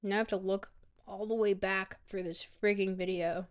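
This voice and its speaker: A woman streamer chatting casually to her viewers, rambling between bites and filling pauses with ums. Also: medium pitch, little pitch movement.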